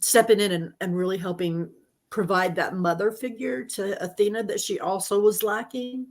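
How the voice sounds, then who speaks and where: Husky-voiced woman hosting an interview. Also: mid-range voice, steady tone, normal speed. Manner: earnest, openly moved, apologetic. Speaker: host. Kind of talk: emotional interview conversation.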